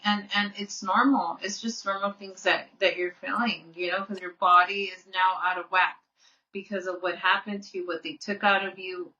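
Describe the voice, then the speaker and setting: A woman's voice: medium pitch, steady tone, moderate pace, bright, forceful tone, distant mic. A woman co-hosting a podcast in casual chat. She talks earnestly, restarts often and repeats her words. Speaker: podcast co-host. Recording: muffled audio, off-mic.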